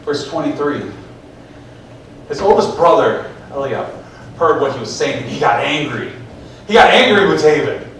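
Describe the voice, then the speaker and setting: A man's voice: fairly high pitch, lively intonation, moderate pace, pauses often, a bit bright, a little hiss or hum. A male preacher giving a conversational sermon, asking the congregation questions, recorded from far off in a church. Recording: echoey church hall, mic far off.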